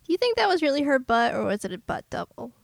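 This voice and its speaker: A woman co-hosting a podcast, joking and chiming in with quick agreement in casual movie review chat. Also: high-pitched, big pitch swings, creaky, dry recording. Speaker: podcast co-host.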